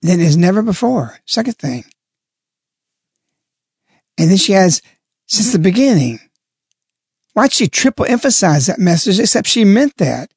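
A man's voice: high-pitched, sing-song, a little slow, pauses often, a little mellow, breathy edge, dry recording. Emphatic man preaching in a dry close voice. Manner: emphatic, repeats key words for stress. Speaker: lay religious speaker. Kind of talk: spoken reflection on religious messages.

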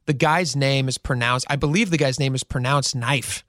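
A man's voice: mid-range voice, normal speed, no echo, studio quality. A radio show host telling a news story in casual talk, acting out the quotes as he goes. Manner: animated storyteller, acts out quotes.

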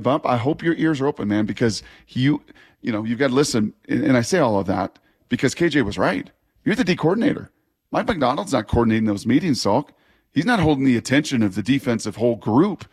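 A man in his forties, a former player, co-hosting sports talk radio and telling long, animated stories. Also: mid-range voice, fast, husky. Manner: animated, rambling storyteller.

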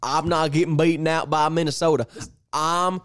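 A man doing an impression of a boastful older male football team owner with a Texas accent, talking in a slow, loud, bragging drawl. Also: fairly high pitch, level tone, smooth, lightly acted.

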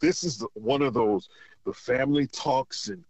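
A man calling in to a radio show as a father, talking in an earnest, halting way with many restarts. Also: medium pitch, lively intonation, a little mellow, dry recording, low-quality recording. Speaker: caller, father. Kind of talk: emotional phone conversation.

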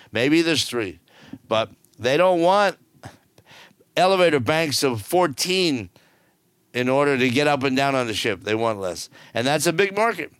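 A man's voice: medium pitch, fairly bright tone, clean tone, no echo. A middle-aged man giving casual cruise news commentary, with wry, sarcastic asides. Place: on board a cruise ship.

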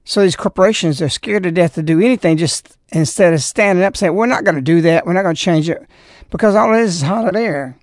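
A man's voice: sits high, darkish tone, no room sound, studio quality. A man appearing as a guest on a talk radio show, speaking indignantly and moralizing in long, rambling turns. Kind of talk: opinionated talk radio conversation.

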